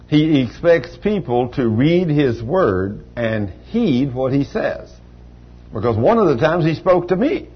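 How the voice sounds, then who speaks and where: A man's voice: medium pitch, breathy edge. An older man preaching a sermon with personal testimony, telling folksy stories and acting out the dialogue with rising emphasis. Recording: dull lo-fi recording.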